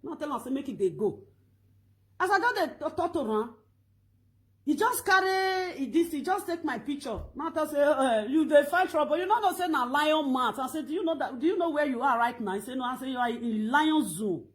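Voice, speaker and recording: Middle-aged Nigerian woman vlogger, high voice, emphatic storyteller who mixes Pidgin and English. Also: lively intonation, a little fast. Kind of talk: animated storytelling.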